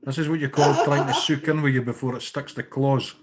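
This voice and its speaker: A woman's voice: extremely low pitch, fairly even intonation, fairly quick, over a noisy crowd. A young Scottish woman teasing her cat, sweary, laughing and chatty. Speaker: fly-tying streamer. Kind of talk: casual banter with a cat.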